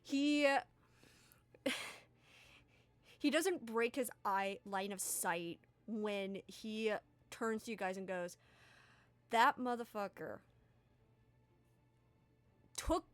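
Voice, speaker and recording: A woman's voice: mid-range voice, slow pace, pauses often, no room sound. A young woman running a tabletop game as game master, loose and laughing, swearing casually.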